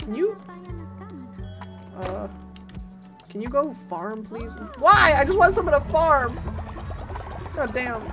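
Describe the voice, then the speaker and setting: Woman streamer, casual game commentary, animated pitch, lots of loud reactions. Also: slow, long pauses, faint music behind. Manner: chatty, reacts loudly and talks to chat and game followers.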